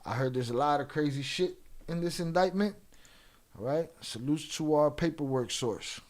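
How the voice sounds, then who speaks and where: Chatting with live viewers, this stream host has a rather high, expressive, slightly mellow voice and moves at a moderate pace. He ribs his audience through relaxed banter laced with profanity.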